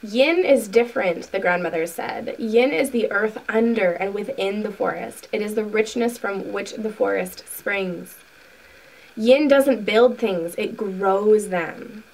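A woman hosting a spiritual video, reading a book passage aloud slowly and earnestly, then talking casually to her viewers. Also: medium pitch, creaky, far from the mic, low-quality recording. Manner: slow, soft, earnest reading with asides.

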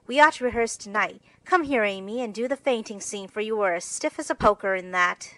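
A woman voicing a bold, tomboyish teenage girl who talks in a theatrical, excitable way, in a storybook reading. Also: mid-range voice, fairly quick, dry recording, close to an everyday voice. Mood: bossy.

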